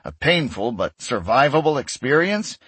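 A man narrating a science fiction audiobook in a steady, measured storytelling voice. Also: mid-range voice, breathy edge, dry recording. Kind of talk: scripted narration.

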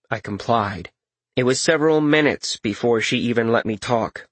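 A man reading a first-person audiobook in a measured, wry manner. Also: medium pitch, husky, no room sound. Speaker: narrator.

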